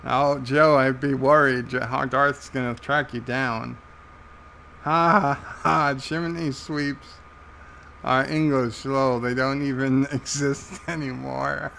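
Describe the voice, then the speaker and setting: An American man hosting a casual live stream, reading chat messages aloud in an amused, halting way. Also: mid-range voice, level tone, creaky, a bit bright, a little hiss or hum. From United States. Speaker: livestream host reading chat.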